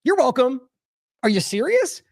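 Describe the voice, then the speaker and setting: A man's voice: very high-pitched, big pitch swings, moderate pace, no room sound, studio quality. A man hosting an independent news show, commenting on clips in a casual, exasperated and sarcastic way with scoffing laughs.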